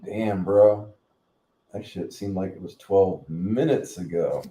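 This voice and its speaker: Slow, low-voiced man ranting casually. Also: mellow, a little hiss or hum. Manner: blunt, profane, rambling. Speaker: channel host. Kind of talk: casual rant. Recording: echoey room.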